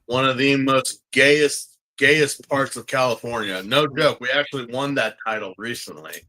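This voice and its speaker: Bright, animated male podcast host. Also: mid-range voice, moderate pace, low-quality recording. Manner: animated, campy, jumps into voices. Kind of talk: casual chat recapping a TV series.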